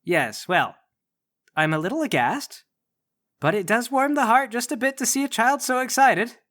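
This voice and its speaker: A man's voice: extremely high pitch, expressive, moderate pace, a bit bright, pitched above the performer's own voice. A man playing a prim, formal male butler in a tabletop game. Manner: formal, polite. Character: polite, fussy male butler.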